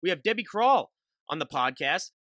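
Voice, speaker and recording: A man's voice: a little high, very animated, a bit bright, no room sound. A man hosting a podcast interview, upbeat and joking as he introduces his guest and asks questions. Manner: upbeat, joking, rapid talker. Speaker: podcast host. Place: lives in a cold northern US state.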